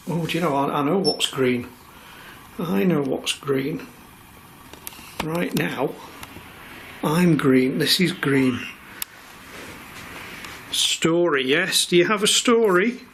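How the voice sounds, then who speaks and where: A man investigating alone in a pub cellar, calling out to spirits in a coaxing, hushed way while filming himself. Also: on the high side, takes it slowly, gravelly, long pauses, a little hiss or hum, poor audio. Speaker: paranormal investigator. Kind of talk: solo ghost-hunt narration. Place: pub cellar with beer kegs. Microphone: self-filmed camera mic.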